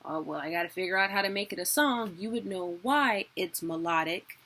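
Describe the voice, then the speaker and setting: A woman's voice: lowish voice, brisk, bright, forceful tone. A young woman giving a casual, chatty online lesson, laughing at herself as she explains. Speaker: teacher.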